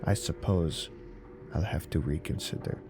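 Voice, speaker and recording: A man voicing a sinister, mocking male stranger with a raspy, hissing chain-smoker's voice. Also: low-pitched. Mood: menacing. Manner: slow, menacing, mocking. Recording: narration over faint music.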